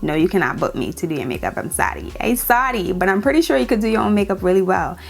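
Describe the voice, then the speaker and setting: A woman's voice: lowish voice, very animated, rapid-fire, vocal fry, a little mellow, faint music behind. A young woman with a New York accent, chatting casually to her viewers in a Q&A vlog in an upbeat way. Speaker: YouTuber hosting her channel.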